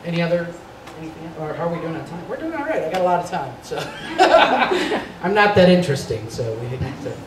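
A man's voice: on the high side, sing-song, a little fast. A man guesting on a fan convention panel, rambling casually through audience questions and chuckling often. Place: large convention panel room. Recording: echoey hall from far off, crowd noise. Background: audience crowd.

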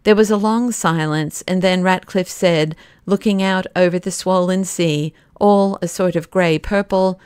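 A woman with a smooth, rather low voice reads a classic novel aloud at a measured pace, slowing for the dramatic passages. The recording is dry and close, with no room sound. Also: steady tone, darkish tone, no echo. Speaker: audiobook narrator. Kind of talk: scripted narration of a classic novel.

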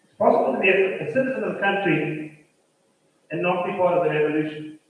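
A South African man preaches as pastor in a high voice, moving fairly quickly and stacking his points through rhythmic repetition. He's recorded from a distance inside a spacious church hall.

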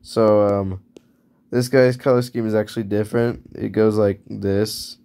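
A man's voice: fairly low pitch, level tone, a little slow, vocal fry, dark tone. A man casually narrating as he draws, rambling and correcting himself in an offhand way. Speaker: video creator. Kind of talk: casual narration while drawing.

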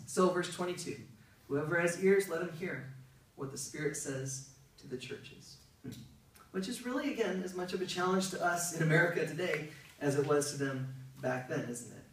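A male pastor preaching a sermon in a conversational, emphatic way. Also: fairly high pitch. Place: church hall. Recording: very echoey, from far off, faint noise.

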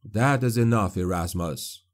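A man voicing a stern, grim witch hunter in an audiobook, speaking in a low clipped growl. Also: unhurried, natural voice. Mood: cold.

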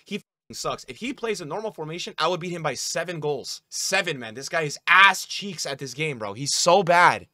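A young man commentating his own football video game on a stream, with a sore throat, grumbling low and then bursting out loud and swearing. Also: moderate pace, few pauses, no echo. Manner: swings from flat grumbling to loud outbursts, swears a lot. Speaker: gaming streamer. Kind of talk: live gameplay commentary.

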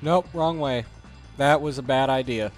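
A man's voice: mid-range voice, a little slow, soft background music. A man giving casual, jokey commentary while playing a video game, grumbling at the levels. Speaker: let's play host.

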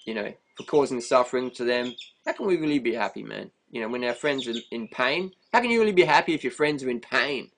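An Australian man with an Australian accent rants casually to camera as a vegan activist. He laughs through his points and keeps dropping "man" and "you know". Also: medium pitch. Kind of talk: casual ranting monologue.

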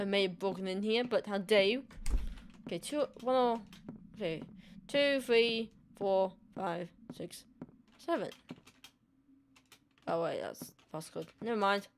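A woman's voice: mid-range voice, a little slow, pauses often, slight background noise. A young woman playing a horror game and commenting in a joking, self-mocking way. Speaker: gamer. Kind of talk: let's play commentary.

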